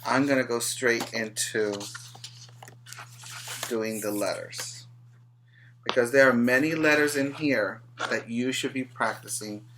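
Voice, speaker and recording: Slow sing-song teacher man, bright. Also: medium pitch, a little hiss or hum. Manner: slow, sing-song and encouraging, chants lists, speaks to children. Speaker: preschool teacher. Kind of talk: sing-song classroom lesson for small children. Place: home or classroom, recording for virtual class.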